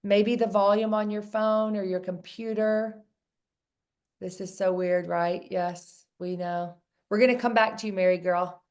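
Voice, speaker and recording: A woman's voice: mid-range voice, steady tone, a little slow, a little mellow. A woman coaching a group of women on a video call, earnest and encouraging, often repeating phrases for emphasis. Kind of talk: casual coaching talk.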